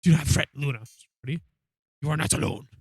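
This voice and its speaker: A man voicing a calm, odd alien crewmate who speaks in a flat, formal, deadpan way, somewhat higher than most men. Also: a little fast, slightly rough, no room sound.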